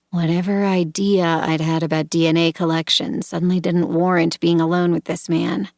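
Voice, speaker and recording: A woman narrating a first-person audiobook in a measured, tense storytelling manner. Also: fairly low pitch, flat delivery, gravelly, darkish tone, dry recording, studio quality.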